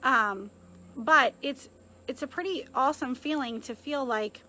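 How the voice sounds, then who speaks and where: A woman's voice: sits high, measured pace, pushed and bright, low-quality recording. A woman in her thirties speaking earnestly and reflectively into her phone, a mother sharing her story in a heartfelt vlog with lots of fillers. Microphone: phone held in hand.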